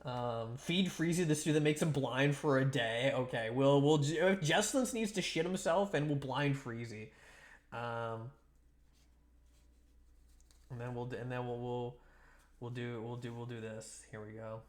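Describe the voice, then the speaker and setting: A man's voice: mid-range voice, measured pace. A young man chatting on a livestream while sculpting clay dolls, teasing viewers in a rambling, playful way with lots of restarts and laughs. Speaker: streamer.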